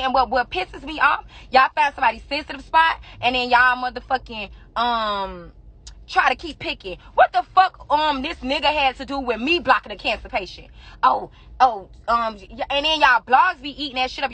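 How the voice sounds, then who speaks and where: A woman's voice: high voice, bright, forceful tone, no echo. A young woman in an angry social media rant, defiant and profane, firing insults at her critics. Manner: rapid-fire insults directed at critics. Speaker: rapper addressing fans.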